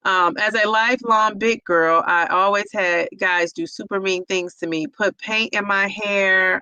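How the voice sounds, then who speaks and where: Female host, bright tone, dry recording, emotional and conversational while reading viewer chat. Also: medium pitch, measured pace, creaky, hardly any pauses, clear, resonant tone, no room sound, highs cut off. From United States. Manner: emotional, empathetic, many fillers. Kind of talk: casual livestream chat.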